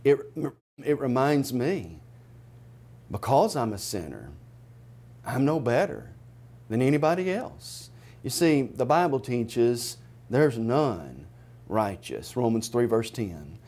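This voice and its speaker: A man preaching a televised sermon, emphatic, rising loud and high then dropping low and quiet, slowing down to stress key phrases. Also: very animated.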